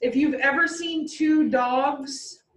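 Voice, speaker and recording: A woman chatting casually and explaining animal behavior, acting out the animals' thoughts in lively asides. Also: high voice, slow. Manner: lively, acts out animals' inner voices. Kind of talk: casual chat. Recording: roomy echo, far from the mic, faint background noise.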